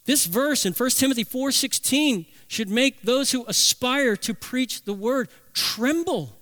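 A man preaching a sermon as pastor, emphatic, slowing down to stress key phrases. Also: extremely high pitch, expressive, a bit bright, no room sound.

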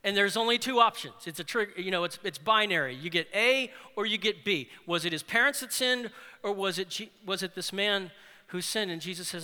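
A man preaches in a church sanctuary, his high, very bright voice ringing with a long reverb. He is animated and acts out the people he quotes with sudden leaps in pitch. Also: moderate pace. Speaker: pastor. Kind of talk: sermon.

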